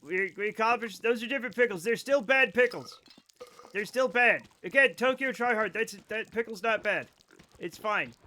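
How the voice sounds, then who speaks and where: Streaming a game at a moderate pace, this man has a high, bright, forceful voice. He rambles casually to his viewers, interrupting himself and swearing from time to time.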